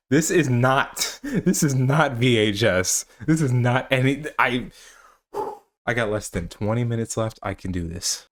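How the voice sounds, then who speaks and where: A man in the middle of his pitch range, narrating a comedy film recap. He is sarcastic and exasperated, mocking what he is watching, and he laughs often as he goes. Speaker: film reviewer. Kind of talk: comedic movie recap commentary.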